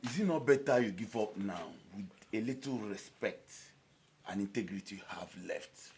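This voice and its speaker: An actor with a Nigerian accent playing a reproachful friend. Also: male voice, lowish voice, animated, normal speed, darkish tone, slightly rough. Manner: reproachful, pleading. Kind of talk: film acting.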